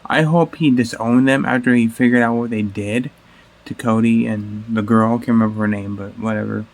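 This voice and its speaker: A man's voice: medium pitch, fairly even intonation, brisk, gravelly. Casual male reaction host, rambling, loose with profanity. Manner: rambling, self-correcting, swears casually.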